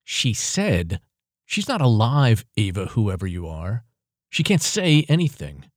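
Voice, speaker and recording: A man's voice: fairly low pitch, huge pitch swings, a little slow, dry recording. A bitter young female inmate, voiced by a male narrator, snapping back with sarcasm and open hostility. The reading sits close and dry, with little room sound. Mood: anguished.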